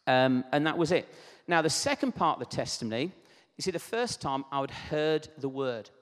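Preacher, fairly high voice, chatty testimony, echoey church hall. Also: male voice, animated, normal speed. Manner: conversational storytelling with asides. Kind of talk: sermon.

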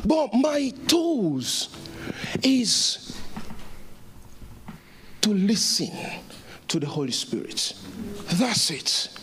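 A man preaching a sermon with passion, repeating phrases, stammering through restarts and rising to shouts. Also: high-pitched, huge pitch swings, very slow, pauses often.

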